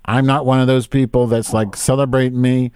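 A man's voice: mid-range voice, level tone, a little fast, a little mellow, clean tone, no echo. Podcast host, male, fifties, profane exasperated rant, dry close sound. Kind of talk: casual live-stream rant.

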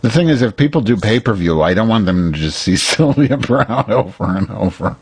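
A low-pitched man with a husky edge to his voice, bossing his co-host around in crude comic banter. His pitch swings widely as he teases and scolds, and the sound is close and dry. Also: animated, a little fast, no echo. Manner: bossy, teasing and impatient. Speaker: podcast co-host. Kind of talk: crude bickering comedy banter.

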